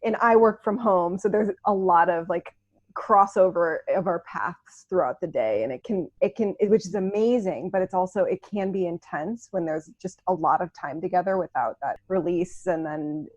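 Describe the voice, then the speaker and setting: A woman's voice: fairly low pitch, moderate pace, dull audio. A woman hosting a casual interview podcast, asking curious questions and restarting her sentences as she chats. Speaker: podcast host.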